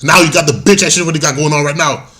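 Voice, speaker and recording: A furious man from Guyana rants to the camera, cursing freely and calling people out. His voice sits high for a man and has a sharp, forceful edge. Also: fairly even intonation, fast talker. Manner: angry, profane, confrontational. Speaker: political commentator. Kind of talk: ranting vlog monologue.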